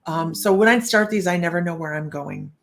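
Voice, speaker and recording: A woman's voice: lowish voice, brisk. A woman giving a live-streamed psychic reading, chatting to her viewers and thinking aloud in loose, rambling sentences. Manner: chatty, talks straight to viewers and greets them by name. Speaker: psychic reader.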